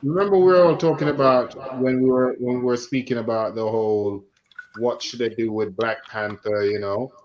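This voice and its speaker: A man co-hosting a casual film chat, easygoing with drawn-out phrasing. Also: medium pitch, fairly even intonation, highs cut off. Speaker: podcast co-host.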